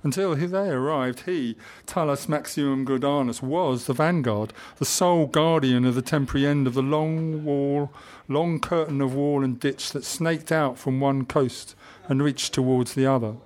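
Guy reading an audiobook, steady storyteller voice, middle pitch. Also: moderate pace. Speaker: narrator. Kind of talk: audiobook narration.

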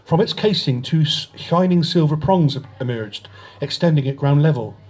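A man reading a sci-fi story aloud in a steady narrating voice, with occasional slips. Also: a little high, normal speed, slightly rough. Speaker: reader. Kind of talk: audiobook narration.

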